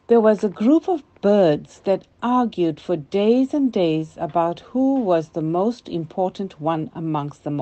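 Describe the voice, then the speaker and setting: Older woman storyteller; gentle, mellow children's narration on a lo-fi recording. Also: medium pitch.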